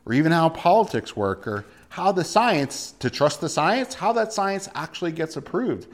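Man, pastor, sermon, higher-pitched voice, emphatic, rhetorical questions, repeats words. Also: very animated, normal speed.

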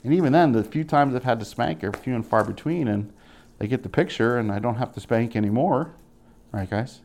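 Young guy preaching, animated, does little voices for people he quotes, slows way down to make a point. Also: medium pitch, gravelly. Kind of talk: sermon.

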